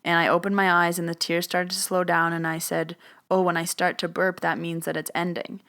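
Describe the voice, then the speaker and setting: A woman telling a personal story in a podcast, animated, acting out other people's lines as she goes. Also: fairly low pitch, fairly quick. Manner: animated retelling, acts out others' voices in quotes. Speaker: medium telling her story.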